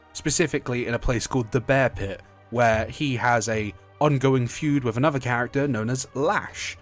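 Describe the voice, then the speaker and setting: A British man gives a loose, chatty commentary, drifting between thoughts and patching up his own sentences as he goes. His voice sits at an ordinary middle pitch. A faint bed of music plays quietly underneath. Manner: rambling, self-correcting, chatty. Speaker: gaming video creator. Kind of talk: casual video commentary.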